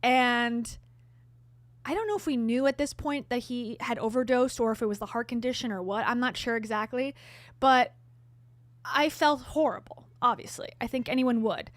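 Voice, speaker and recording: A woman talks straight to her viewers in a chatty, candid tone, slipping in sarcastic asides. Her voice sits a bit high and the sound is dry and close. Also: moderate pace, no echo. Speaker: vlogger host. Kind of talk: casual storytelling to camera.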